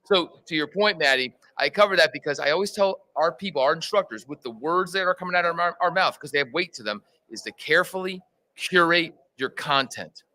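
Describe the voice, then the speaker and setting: Fire instructor, male, tells stories with lots of pitch swing, bright tone. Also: brisk, low-quality recording. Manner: animated storyteller, acts out dialogue. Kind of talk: conversational storytelling interview.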